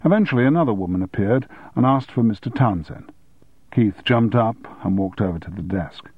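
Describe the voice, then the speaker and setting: Husky man, low voice, measured audiobook narration, dry dull recording. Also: animated, dry recording. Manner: measured storytelling.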